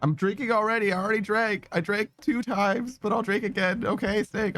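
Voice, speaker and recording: A man chats to his stream while playing a game, voice pitched a little high. He rambles, laughs at himself and swears freely. The mic is close and dry, with faint game music underneath. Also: moderate pace, fairly bright tone, dry recording. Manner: giggly, rambling, self-mocking, swears a lot. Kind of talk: casual live-stream chat while gaming.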